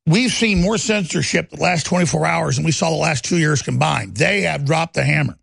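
Male host, gravelly and high, emphatic and indignant, dry close sound. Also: a bit bright, dry recording. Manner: emphatic, indignant, rapid-fire. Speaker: talk show host. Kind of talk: heated political talk radio.

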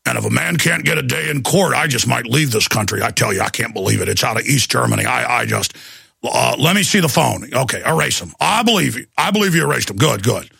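A man impersonating a gruff, furious middle-aged man who grumbles low and clipped in a controlled rage. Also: expressive, fast talker, pushed and bright, no room sound, studio quality, full character voice. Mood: seething.

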